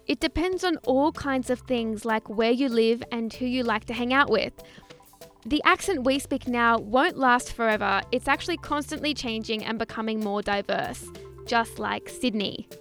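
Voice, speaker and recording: A woman's voice: on the high side, normal speed, fairly bright tone, faint music behind. A woman co-host narrating a scripted audio feature in an upbeat, inquisitive way.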